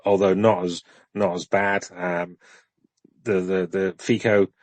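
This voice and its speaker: A British man co-hosts an online audio discussion, talking in a loose, hedging and self-deprecating way. His voice is low-pitched, and the recording sounds close and dry with no room echo. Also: flat delivery, slow. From United Kingdom. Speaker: co-host.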